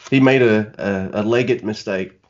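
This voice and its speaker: A man's voice: lowish voice, moderate pace, lo-fi sound. A man hosting a podcast in casual, rambling, self-deprecating chat. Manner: rambling, self-deprecating, many fillers and restarts. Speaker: podcast host.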